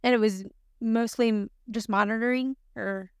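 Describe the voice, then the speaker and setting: A woman's voice: a little high, steady tone, normal speed, smooth, dry recording, studio quality. A woman hosting a podcast, asking short questions and thanking her guest. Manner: brief, friendly questions and thanks. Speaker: podcast host. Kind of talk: casual interview.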